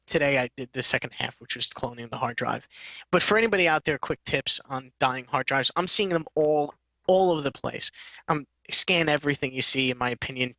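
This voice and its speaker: A man's voice: on the high side, bright, forceful tone, dry recording, highs cut off. A man co-hosting a podcast, rambling through a story in casual chat, acting out quotes and laughing often. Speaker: podcast co-host.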